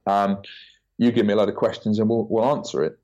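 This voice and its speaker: Brief: male guest, 40s, deep-ish voice, muffled lo-fi audio, chatty storyteller who does voices. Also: quick pace. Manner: animated storyteller, acts out quoted voices. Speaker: podcast guest, branding consultant. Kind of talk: casual interview chat. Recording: dull lo-fi audio.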